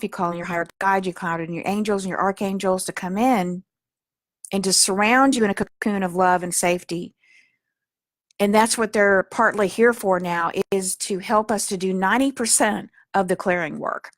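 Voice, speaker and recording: A woman's voice: medium pitch, normal speed, no room sound, clean studio sound. Earnest woman giving spiritual guidance. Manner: soothing, earnest, with frequent fillers. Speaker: spiritual teacher.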